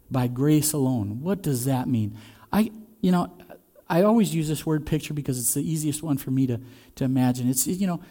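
A man preaching a sermon in a conversational way, asking the congregation questions and swinging between loud and soft. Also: mid-range voice. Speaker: pastor.

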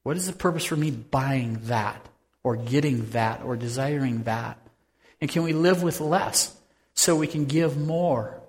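Man preaching in a reverberant hall. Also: a little high. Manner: conversational preaching, swings from loud to hushed. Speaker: pastor. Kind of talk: sermon.

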